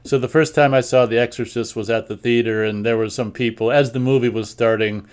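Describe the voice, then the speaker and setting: A man's voice: medium pitch, steady tone, fairly quick, clear, resonant tone. A man chatting casually, telling a hesitant, rambling anecdote. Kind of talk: casual chat.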